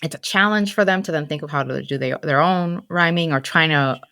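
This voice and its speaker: Low-voiced lady hosting a podcast, chatty and upbeat, dry close mic. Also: a little fast, sharp tone, clear, resonant tone, dry recording. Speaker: podcast host. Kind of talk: casual interview.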